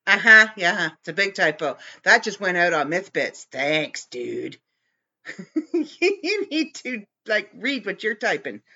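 A woman hosts her podcast in loose, casual chat, her bright voice swinging up and down in pitch as she talks at an unhurried pace. She bickers playfully with someone off-mic, all through a dull, lo-fi home mic. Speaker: podcast host.

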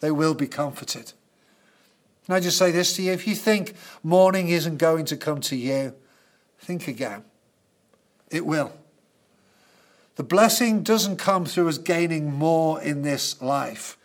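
Brief: male preacher, high-pitched for a man, earnest storytelling sermon. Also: measured pace, pauses often.

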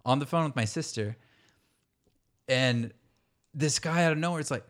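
A young adult man co-hosting a podcast, telling a story in a relaxed, casual way, laughing often and swearing freely. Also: fairly high pitch, moderate pace, long pauses. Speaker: podcast co-host. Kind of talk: casual chat.

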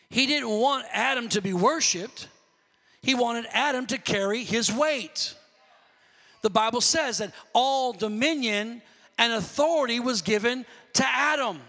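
High-voiced man preaching in a hall. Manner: impassioned preaching, rising to shouts. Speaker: pastor. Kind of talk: sermon.

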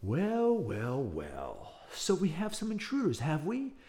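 A man's voice: on the high side, huge pitch swings, takes it slowly, dark tone, pitched above the performer's own voice, heavily acted. A man voicing a sinister, scheming villain professor in a storybook reading. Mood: mocking. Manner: sly and hissing.

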